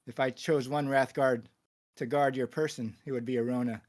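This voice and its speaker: A man's voice: medium pitch, fairly even intonation, normal speed, a little mellow, natural voice. A man doing a dutiful, earnest guard captain. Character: loyal male first guard, dutiful and earnest.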